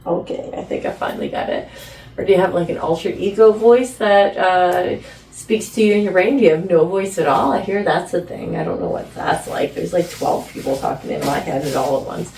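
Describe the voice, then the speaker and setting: A woman's voice: fairly low pitch, very animated, brisk, vocal fry, darkish tone, reverberant. Woman from Canada, playful rambling asides, distant mic, faint room hum. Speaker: vlogger. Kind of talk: casual chat while trying on clothes.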